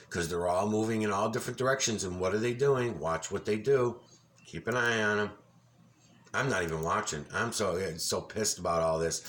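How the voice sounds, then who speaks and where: A man's voice: lowish voice, fairly bright tone. A man giving a casual, ranting commentary over a video, insistent and full of swearing. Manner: angry, profane, ranting; insistent, repeats himself.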